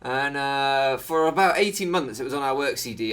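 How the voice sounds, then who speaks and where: A man's voice: medium pitch, expressive, moderate pace, a bit bright, faint music behind. A man giving casual, rambling commentary over a Pokémon game, easily sidetracked and self-mocking. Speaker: Pokémon video creator.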